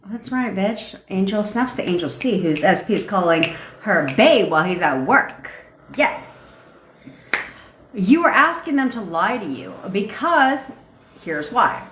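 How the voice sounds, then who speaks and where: A woman coach ranting on a livestream, blunt and loud-mouthed with plenty of swearing. She talks back to viewer comments as she goes. Her mid-range voice carries a roomy echo from the room around her. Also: mid-range voice, sing-song, unhurried, a little hiss or hum. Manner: blunt, profane, fired-up; reads and answers viewer comments. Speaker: manifestation coach. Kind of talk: livestream rant. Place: home desk. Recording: roomy, echoey room sound.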